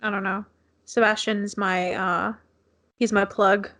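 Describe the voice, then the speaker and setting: A woman's voice: medium pitch, level tone, takes it slowly, a bit bright. A young woman co-hosting a podcast, chatting casually, teasing and laughing often. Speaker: co-host.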